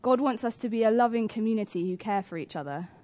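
A woman's voice: a little high, fast talker. A young British woman giving a conversational sermon in a church, acting out the stories she tells. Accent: British English. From Britain. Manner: conversational, acts out stories with lively voices. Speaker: church speaker. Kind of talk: sermon talk.

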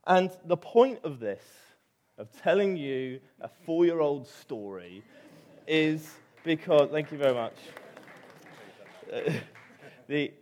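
A man's voice: fairly high pitch, expressive, takes it slowly, pauses often, darkish tone. A man with an English accent preaching a sermon, telling a story with animation and rising to emphatic peaks.

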